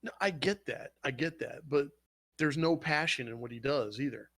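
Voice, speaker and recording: A man hosting a casual podcast chat, animated and swearing freely as he argues his point. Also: a little high, normal speed, creaky. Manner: animated, swearing, retells scenes with quoted voices. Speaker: podcast host.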